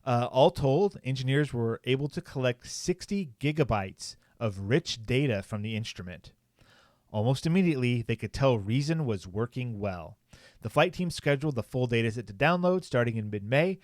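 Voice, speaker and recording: A podcast co-host casually reads a news article aloud, dropping frequent fillers and joking asides. His mid-range voice is expressive and a little mellow at normal speed, with clean studio sound and no room sound.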